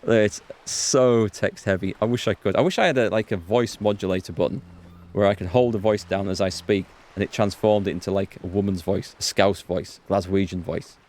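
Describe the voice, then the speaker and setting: Man, hoarse, rambling casual game chat, lowish voice. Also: moderate pace, darkish tone. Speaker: game streamer. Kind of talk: casual let's play commentary.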